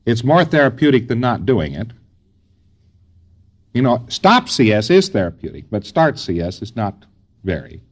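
A man giving an informal lecture to trainees, rambling and folksy, often pausing on fillers. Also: medium pitch, very animated.

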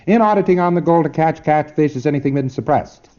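A man's voice: fairly high pitch, fast talker, mellow, highs cut off. A man giving an informal training lecture, emphatic and wry, often checking that his listeners follow.

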